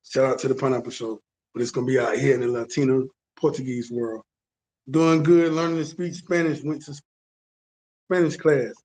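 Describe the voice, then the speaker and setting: A man from the United States with a deep voice, talking casually and emphatically to his viewers, often repeating words and asking if they understand. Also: steady tone, moderate pace, a little mellow. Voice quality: deep, bassy voice. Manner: emphatic, repeats words, stops for "you understand what I'm saying". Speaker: vlogger.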